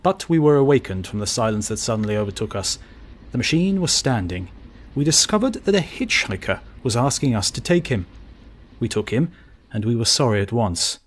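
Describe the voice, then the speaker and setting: A man reading a travel story aloud as an audiobook narrator, measured and steady. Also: medium pitch, background noise. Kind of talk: scripted narration.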